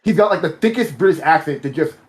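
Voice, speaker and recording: A man's voice: fairly high pitch, expressive, quick pace. A man co-hosting a casual review podcast, rambling and correcting himself mid-sentence, swearing now and then. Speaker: podcast co-host.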